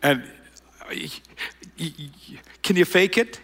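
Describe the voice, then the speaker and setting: A middle-aged man telling a self-mocking personal story to an audience, rambling and animated. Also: on the high side, takes it slowly, in a large hall.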